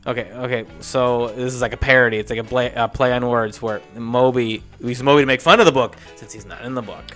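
A man's voice: mid-range voice, steady tone, fairly bright tone, faint music behind. A man in an improv comedy scene, talking hesitantly with many ums and restarts. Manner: hesitant, halting, full of ums. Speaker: improv performer.

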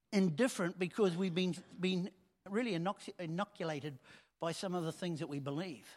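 Guy preaching, chatty then suddenly loud, kinda high voice, big echoey church. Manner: conversational preaching with swells of loud emphasis. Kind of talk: sermon. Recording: long hall reverb.

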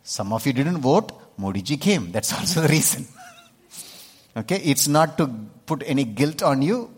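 A husky-voiced man with an Indian accent delivers a sermon, pressing his points and regularly checking in with the congregation. His voice rings out with a long reverb, as if heard in a large church hall. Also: a little high, animated, normal speed. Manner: emphatic, keeps checking in with the congregation. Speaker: pastor.

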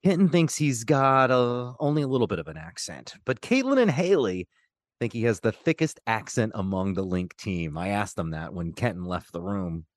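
A man narrating a scripted news feature in a measured, clear way. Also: lowish voice, very animated, no echo. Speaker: radio reporter and narrator.

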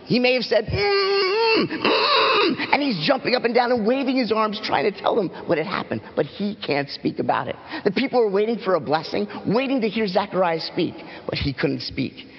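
Animated man telling a children's sermon. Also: fairly quick, slightly rough, in a large hall, highs cut off. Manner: dramatic, animated storytelling with big pitch swings. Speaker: children's pastor. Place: church platform.

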